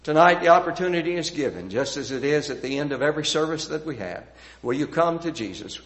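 A middle-aged man preaches with earnest conviction. His voice climbs through emphatic lists, then drops to a quiet, hushed close at the end of each thought. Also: on the high side, animated, quick pace. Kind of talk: sermon.

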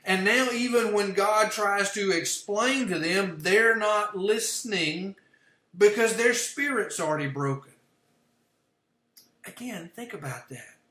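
Speaking slowly with a sharp tone and a voice that sits high, this man walks through word meanings one step at a time in his livestreamed Bible study. He's a Bible teacher, recorded in an echoey room.

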